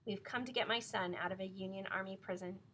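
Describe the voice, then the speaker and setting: A woman's voice: mid-range voice, fairly even intonation, quick pace, sharp tone. Woman reading as a formal, earnest uncle. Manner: polite, formal old-fashioned speech. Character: earnest middle-aged man, protective uncle.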